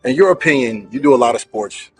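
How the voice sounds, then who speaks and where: A man's voice: mid-range voice, lively intonation, fast, soft background music. A man hosting a casual show, asking questions in a playful, teasing way. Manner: playful, teasing, loose interviewer. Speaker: host. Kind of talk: casual podcast chat.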